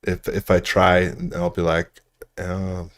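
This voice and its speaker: A man's voice: fairly low pitch, slow. A man hosting a casual livestream tutorial, muttering to himself as he works and trailing off mid-sentence, with frequent self-deprecating laughs. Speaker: host modeling furniture in 3D software.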